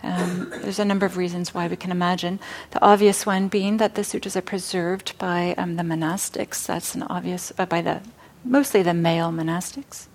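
A woman giving a dharma talk at a meditation center, telling a teaching story with frequent pauses and fillers. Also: on the low side, steady tone. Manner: warm storytelling, hesitant fillers.

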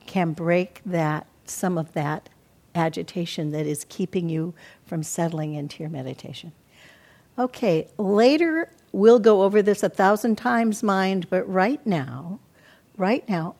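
Older woman, meditation teacher, calm reflective dharma talk, acts out inner self-talk. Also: on the low side. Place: meditation hall.

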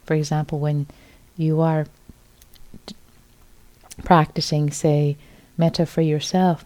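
A middle-aged woman giving a gentle, repetitive dharma talk as a meditation teacher at a retreat center. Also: low-pitched, level tone, slow pace, pauses often, no room sound.

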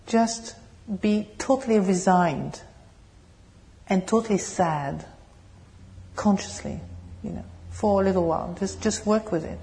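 Soft-spoken French woman teaching meditation. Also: mid-range voice, measured pace. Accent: French with British English tone. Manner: gentle, searching, laughs softly, asks the audience questions. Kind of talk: dharma talk with Q&A. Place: meditation hall.

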